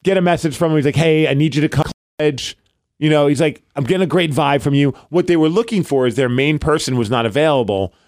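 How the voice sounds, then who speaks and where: A man's voice: fairly high pitch, fast, a little mellow, no echo, studio quality. A man from Brooklyn with a New York accent, co-hosting a podcast and telling a long story in casual chat, rambling and acting out the voices of the people he quotes. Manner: rambling, acts out quoted dialogue. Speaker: podcast co-host.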